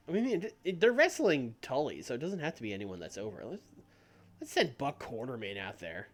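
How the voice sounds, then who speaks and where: A man's voice: medium pitch, sing-song, a little fast. A man streaming a game with casual commentary, making wry, muttered asides and laughing often. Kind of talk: casual let's-play commentary.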